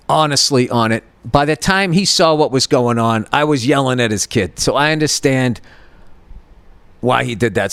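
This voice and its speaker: A man's voice: mid-range voice, gravelly, fairly bright tone, clean tone, no echo. A man in his fifties, a podcast host, telling a comedic story in a profane, exasperated rant and acting out both sides of an argument.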